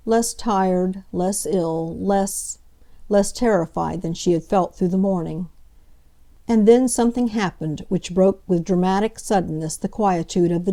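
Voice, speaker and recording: A woman narrating a classic novel as an audiobook, in a measured, dramatic storytelling manner. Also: lowish voice, warm tone.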